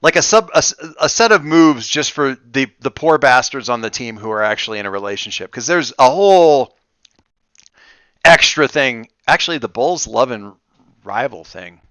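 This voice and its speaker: A man's voice: medium pitch, animated, normal speed, bright, forceful tone, no room sound. A man acting as game master of a tabletop role-playing session, explaining rules in a rambling, self-correcting way.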